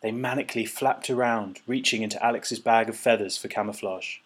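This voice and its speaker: Husky male storybook narrator. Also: on the low side, fairly even intonation, a little fast, fairly bright tone. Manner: storytelling, voices characters. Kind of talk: audiobook narration.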